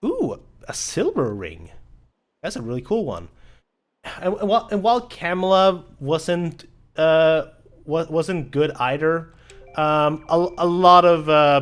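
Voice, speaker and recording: A young man chatting casually while playing a game on a charity stream, rambling and swearing, with lots of restarts. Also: a little high. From Sweden. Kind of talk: casual livestream chat while gaming.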